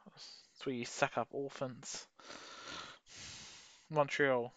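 A young man giving rambling, sweary commentary while playing a geography game, with sudden excited outbursts. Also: medium pitch, very slow, no room sound. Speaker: gaming YouTuber. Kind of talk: casual gameplay commentary.

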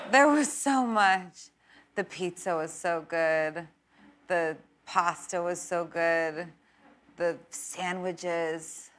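A woman's voice: fairly low pitch, very slow, pauses often, slight background noise. A woman in her thirties from New York, a talk show guest chatting casually and telling stories with lots of laughter. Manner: animated, laughing storyteller. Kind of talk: casual chat.

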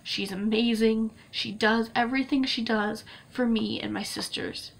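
A young woman vlogs casually to camera, gushing and emotional, laughing often, tearing up, and using many fillers. Her voice is a little high with vocal fry, fairly even in intonation, and a little slow.

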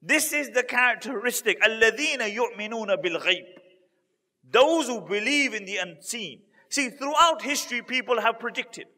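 At normal speed and with few pauses, an Islamic preacher narrates a religious tale in a ringing, high-pitched voice. His repetition of key points and energetic retellings echo away in a long, large-hall reverb.

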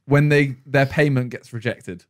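A man's voice: mid-range voice, fairly even intonation, moderate pace, no room sound, clean studio sound. A young man hosting a podcast, teasing his co-hosts in playful casual chat and reading out topics one by one. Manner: teasing, playful, reads list items aloud. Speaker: podcast host.

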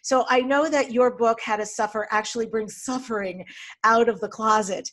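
A woman hosts a podcast interview with a voice a little higher than average. She chats easily and laughs as she sets up her questions. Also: fairly even intonation, moderate pace, a bit bright. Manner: chatty and laughing. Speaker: podcast host. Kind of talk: interview hosting.

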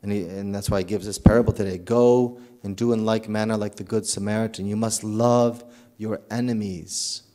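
A man's voice: on the low side, normal speed. A man, a priest, preaching a sermon in an earnest, storytelling way, with frequent restarts and repeated words. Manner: earnest, animated storytelling with acted quotes.

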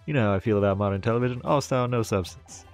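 A man putting on a prim, disapproving older mother with a scolding, snooty manner. He keeps his own low, gravelly voice, and faint game music sits beneath. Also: racing, natural voice.

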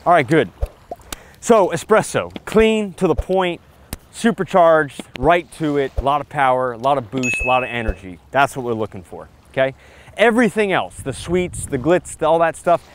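A man talking straight to camera on a beach in a punchy, emphatic vlog style, pitching marketing advice in short, hyped lines. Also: slight background noise. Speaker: marketing vlogger. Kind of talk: casual vlog talk to camera. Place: outdoors on a beach.

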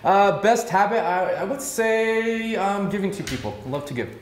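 A man in his thirties answering rapid-fire questions, upbeat and emphatic, with frequent filler sounds. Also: high voice, animated, roomy sound, a little hiss or hum. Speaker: real estate broker interviewee.

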